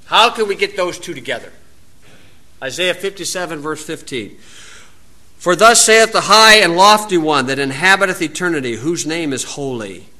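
A man's voice: a little high, sharp tone. A man with an American accent giving an informal, folksy Bible teaching outdoors, wandering into asides and rising to emphatic preaching.

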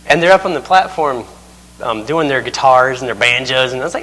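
A man in the middle of his voice range delivers a sermon as a visiting missionary, folksy and quick to chuckle at his own stories. His words ring out with a long reverb across a church sanctuary. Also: mid-range voice, a bit bright. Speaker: missionary preaching.

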